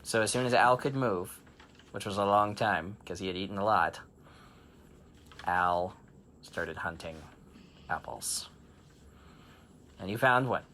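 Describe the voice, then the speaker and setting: A man telling an improvised bedtime story to children, playful and animated, with sound effects and laughter. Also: fairly low pitch, a little slow, pauses often, slight background noise.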